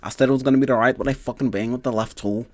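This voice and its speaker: A man's voice: mid-range voice, fairly even intonation, very fast, darkish tone, voice pushed up, close to an everyday voice. A man putting on the voice of a brash young male fighter, cocky and swearing, ending lines with "lad". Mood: boastful.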